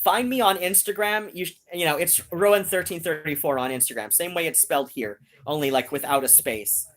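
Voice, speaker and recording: A woman with a slightly low voice hosts a casual live stream. She rambles through a story, circling back with fillers and restarts. She talks directly to the viewers watching in chat. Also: a little fast.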